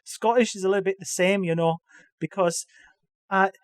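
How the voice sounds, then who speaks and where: Podcast cohost rambling about anime dubs, lots of restarts, dead dry sound, mid pitch. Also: steady tone, no echo. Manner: halting, with many restarts, breaking into hammed-up accent impressions. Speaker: podcast co-host. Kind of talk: casual chat.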